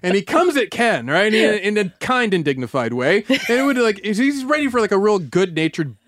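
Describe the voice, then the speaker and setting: Animated male podcast storyteller. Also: high voice, moderate pace, dry recording, studio quality. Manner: animated, laughing, lots of asides like "right?". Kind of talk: casual storytelling chat.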